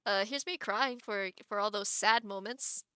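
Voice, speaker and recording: A woman's voice: mid-range voice, unhurried, pushed and bright, clean tone, dry recording, clean studio sound. A woman streamer chatting casually on a live stream, giggling often and rambling with many restarts.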